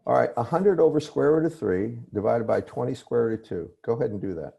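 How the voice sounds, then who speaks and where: A professor lectures over a video call through his computer mic, his medium-pitched voice gravelly and warm with a breathy edge. He talks fast and animatedly but keeps stopping to correct himself, restarting sentences and apologizing.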